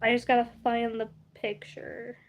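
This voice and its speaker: High-pitched young woman chatting on stream. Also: monotone, unhurried, dull audio, a little hiss or hum. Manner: rambling and chatty, laughs often. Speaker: livestreamer. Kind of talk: casual livestream chat.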